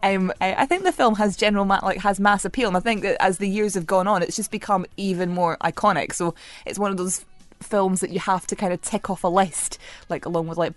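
A woman's voice: fairly low pitch, dry recording. A woman giving a chatty interview soundbite, with frequent fillers and restarts.

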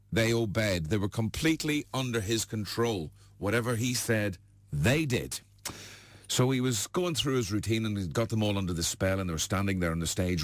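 A man hosting a breakfast radio show, telling jokes and chatting in a lively storytelling manner. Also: lowish voice, no room sound, studio quality. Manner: lively storyteller, animated delivery. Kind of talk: joke-telling and radio banter.

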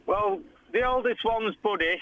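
A man's voice: sits high, unhurried, a little hiss or hum. A man calling in to a radio show, easygoing and a little hesitant, over a phone line. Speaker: caller. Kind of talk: phone-in chat.

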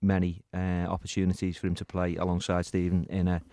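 A man on a football podcast panel, speaking in a measured, thoughtful way with hedges. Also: deep voice, monotone, warm tone, no room sound. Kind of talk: casual football chat.

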